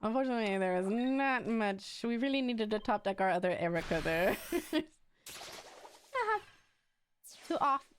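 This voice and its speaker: Young woman streamer, higher voice, slow easygoing chatter, light hiss behind. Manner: chatty and animated, laughs often. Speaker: streamer and card game caster. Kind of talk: casual chat while playing a card game.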